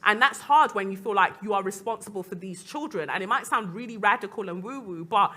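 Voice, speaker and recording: A woman's voice: medium pitch, brisk, pushed and bright. A young adult woman, a guest speaker on a panel, talking earnestly and reflectively, with laughs between her points. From Nigerian descent. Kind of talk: panel talk.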